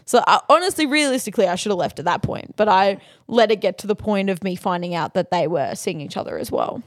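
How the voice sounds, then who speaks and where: A woman's voice: medium pitch, big pitch swings, dry recording, studio quality. A young woman in her twenties with an Australian accent, co-hosting a podcast and candidly telling her own stories. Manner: candid, storytelling, quick laughs. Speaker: podcast co-host. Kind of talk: casual chat.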